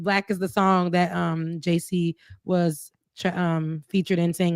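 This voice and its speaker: A woman's voice: on the low side, steady tone, moderate pace, hardly any pauses, darkish tone, smooth, no echo, studio quality. A young woman co-hosting a casual podcast, chatting animatedly and reading out viewer comments. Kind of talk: casual chat.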